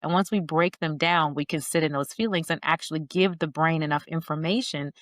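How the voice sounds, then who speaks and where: A woman's voice: low voice, fairly even intonation, brisk, a bit bright, dry recording. A middle-aged woman speaking as a grief coach in an interview, earnest and storytelling, acting out bits of dialogue. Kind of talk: conversational interview.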